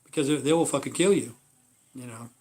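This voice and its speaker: A man's voice: medium pitch, brisk, a little mellow, slightly rough. An American man in his fifties hosting a livestream, rambling bluntly in casual talk, swearing constantly and trailing off with "you know". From United States. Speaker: livestream host.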